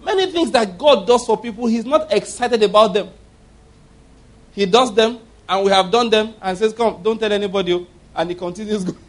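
Preaching at a normal speed, this pastor has a high-pitched voice. His sermon is built on emphatic stories in which he performs the quoted speech of the people involved.

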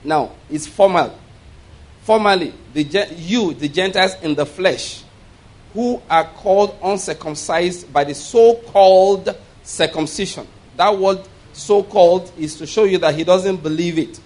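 A male pastor preaching, reading scripture slowly with emphasis and having the congregation repeat key words. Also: sits high, darkish tone. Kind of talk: sermon. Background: congregation responding.

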